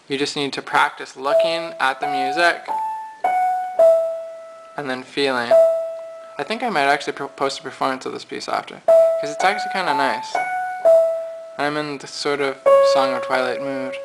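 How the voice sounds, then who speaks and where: Gravelly man giving a relaxed piano lesson. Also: poor audio. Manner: relaxed, low-energy, thinking aloud. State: losing his voice. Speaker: piano teacher. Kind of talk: casual video lesson. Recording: piano playing behind.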